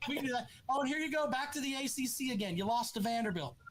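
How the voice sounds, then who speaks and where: A sports podcast host taunts an angry caller in a heated call-in argument, repeating the same jab and tacking on a mock-polite "sir." His voice is very high and very fast, with lively intonation and a crowd audible behind him.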